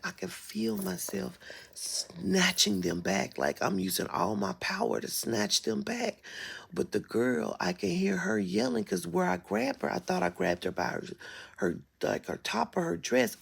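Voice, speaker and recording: Woman vlogger, casual live-stream storyteller, emphatic and profane, heavy vocal fry, husky. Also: on the low side. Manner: emphatic and profane, drops to a whisper at times. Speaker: spiritual vlogger.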